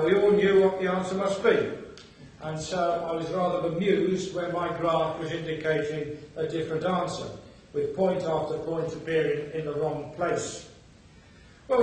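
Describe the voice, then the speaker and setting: A man in his sixties, a bishop, giving a formal lecture with measured delivery and dry wit. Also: on the high side, a little hiss or hum. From England, Birmingham. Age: 60s. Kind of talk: formal after-dinner lecture. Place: large hall. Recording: echoey hall, from far off.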